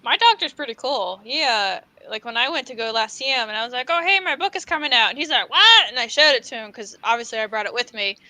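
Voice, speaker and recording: A woman co-hosting a casual writers' livestream, telling lively stories and laughing easily. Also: a little high, fast, few pauses, dry recording, poor audio. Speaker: writing livestream co-host. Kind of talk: casual chat.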